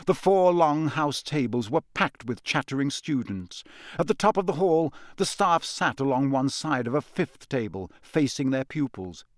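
Speaking at a medium pitch, a man works through a scripted fantasy audiobook with a measured and expressive narrative touch. The sound is dry and studio-clean.

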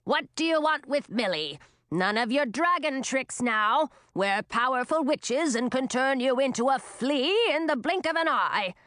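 A woman voicing a cranky old female witch in a storybook, with a raspy, snappish, scornful voice. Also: high-pitched, animated, unhurried, fairly bright tone, no room sound, clean studio sound.

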